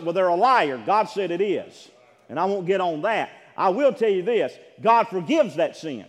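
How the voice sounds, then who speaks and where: High-voiced fervent preacher in a reverberant church. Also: male voice, very animated, moderate pace. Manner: fervent, swings from hushed to shouting; repeats and restarts phrases, calls for amens. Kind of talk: sermon. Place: church sanctuary. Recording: long hall reverb.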